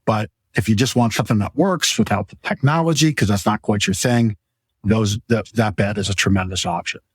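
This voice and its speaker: A man's voice: fairly low pitch, a little fast, slightly rough, no echo. A man hosting a casual podcast from his mattress showroom, talking products in a rambling, enthusiastic way. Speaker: podcast host and mattress store owner. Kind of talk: casual sales chat.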